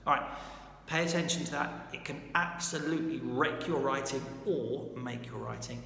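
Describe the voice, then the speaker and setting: A man's voice: mid-range voice, moderate pace, creaky, bright, forceful tone. A man giving a casual writing lesson, speaking informally and often checking in with "right?". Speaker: writer giving writing advice. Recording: echoey room with long reverb, faint background noise.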